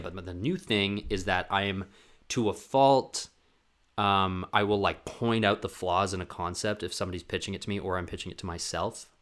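Male vlogger, fairly low voice, loose and profane, rambles through comic anecdotes and jumps up in pitch for quoted lines. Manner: animated, profane, full of "like" fillers. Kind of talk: rambling comedic storytelling.

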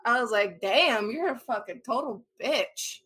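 A brash woman co-hosting a podcast, with a slightly high voice. She tells a bar story in a casual, profane way and swears freely. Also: lively intonation, unhurried, bright, forceful tone, husky. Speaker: podcast co-host. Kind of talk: casual chat.

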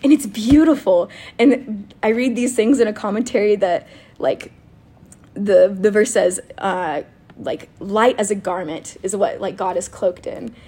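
A woman chatting casually about faith and telling a personal story, animated and quick to laugh, with lots of "like". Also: mid-range voice, husky. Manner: animated and giggly, with frequent laughter and filler "like".

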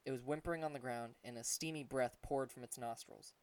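A man reading an adventure audiobook, telling the story at a steady pace and voicing the characters. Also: medium pitch, a little fast, clear, resonant tone, recorded from a distance. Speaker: audiobook narrator.

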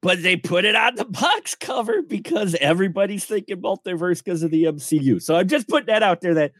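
A man co-hosting a podcast, explaining things in an animated, emphatic way in casual chat. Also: high-pitched, a little fast, no room sound, clean studio sound. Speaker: podcast co-host.

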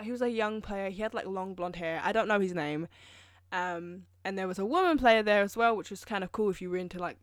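A woman's voice: medium pitch, fairly bright tone, dry recording, studio quality. A young woman from England, telling rambling, self-mocking stories in a casual solo podcast, full of fillers. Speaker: podcast host. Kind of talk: casual monologue.

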